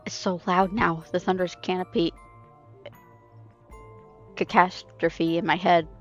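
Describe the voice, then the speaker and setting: A woman reading a dark first-person story aloud on a stream, intense and halting, with restarts. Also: fairly low pitch, fairly even intonation, highs cut off, faint music behind. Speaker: reader. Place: home streaming setup. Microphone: streaming mic.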